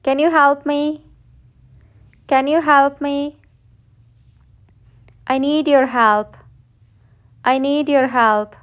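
Woman teacher, high voice, very slow and clear drill reading for learners. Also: fairly even intonation, a bit bright. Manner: says each phrase slowly and plainly, often twice. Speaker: English teacher. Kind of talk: slow read-aloud phrase drill.

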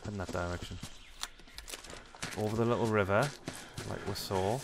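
A man's voice: on the low side, fairly even intonation, normal speed, background noise. A man giving casual gameplay commentary, chatty and self-mocking, often muttering to himself as he plays. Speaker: let's play commentator.

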